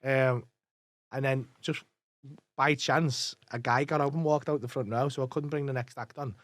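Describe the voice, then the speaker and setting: A comedian guest on a casual podcast fires off fast, animated anecdotes packed with swearing, acting out people's quotes. His voice is medium-pitched, with no echo.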